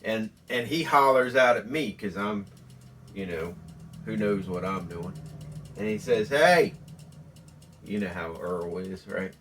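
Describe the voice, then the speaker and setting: Slow-talking folksy male host. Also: fairly low pitch, far from the mic, slight background noise. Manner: folksy, deadpan, rambling. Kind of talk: mock home tutorial comedy.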